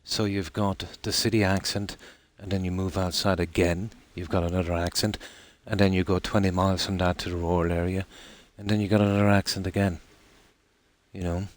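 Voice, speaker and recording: An Irish man with a notably low, deep voice talks to his live-stream viewers while he plays. He rambles casually, circling back with frequent ums and restarts. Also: little pitch movement, brisk.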